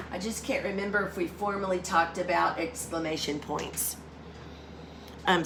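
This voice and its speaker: A middle-aged woman teaching a grammar lesson to young children, patient and explaining slowly with examples and questions. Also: lowish voice, a little hiss or hum.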